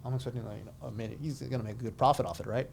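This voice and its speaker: A man's voice: medium pitch, steady tone, very fast, vocal fry, a little mellow, slight background noise. Chatty man telling a story with fillers. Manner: chatty, full of fillers, acts out quoted dialogue. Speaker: veteran guest. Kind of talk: casual storytelling conversation.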